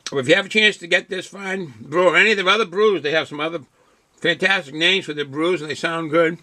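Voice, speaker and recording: In a casual video at home, an older man reads the blurb off a package and then talks loosely while chewing, reviewing a beer and a snack. He talks fast in a slightly high, pushed, bright voice. There's no echo.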